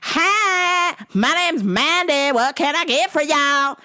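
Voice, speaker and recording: A woman voicing a perky young waitress with a bright customer-service chirp. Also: sits high, lively intonation, takes it slowly, slight background noise, voice pushed up, full character voice. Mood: chirpy.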